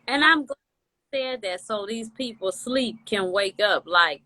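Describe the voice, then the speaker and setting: A woman's voice: medium pitch, animated, measured pace, bright, forceful tone, dry recording. A woman co-hosting a casual live stream, chiming in with emphatic, profane agreement. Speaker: co-host. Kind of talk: casual livestream chat. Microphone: phone livestream.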